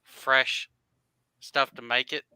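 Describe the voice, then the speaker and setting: Man with a bright, crisp voice. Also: mid-range voice, flat delivery, slow, no room sound. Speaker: stream co-host. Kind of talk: casual chat.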